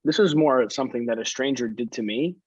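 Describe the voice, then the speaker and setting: Young male musician, animated storyteller, mid pitch, dull dry recording. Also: a little fast, slightly rough, no room sound. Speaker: band member. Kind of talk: casual storytelling in interview.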